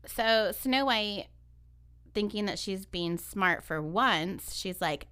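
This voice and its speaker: Podcast co-host, woman, bright clear voice, casual animated storyteller. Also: mid-range voice. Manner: animated, quick to agree and laugh. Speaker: podcast co-host retelling a fairy tale.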